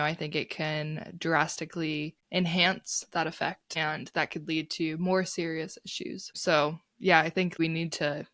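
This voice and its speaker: Low-voiced woman explaining research on a podcast. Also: a bit bright, no room sound. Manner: explains studies conversationally, many "like" and "right?". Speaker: podcast co-host. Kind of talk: casual podcast discussion.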